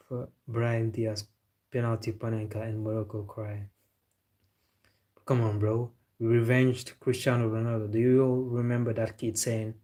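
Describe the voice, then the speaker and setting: A man's voice: medium pitch, level tone, moderate pace, warm tone. A man from Senegal hosting a football live stream. He chats casually, answers viewer comments, jokes and says "bro" a lot. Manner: laid-back, joking, says "bro" often.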